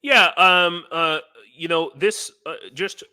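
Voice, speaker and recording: American volunteer guest, bright tense tone, loose chatty delivery with chuckles. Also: male voice, high-pitched, slow, clear, resonant tone. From United States. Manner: rambling, chuckling between points. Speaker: guest, foreign volunteer in Ukraine. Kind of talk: casual live-stream conversation.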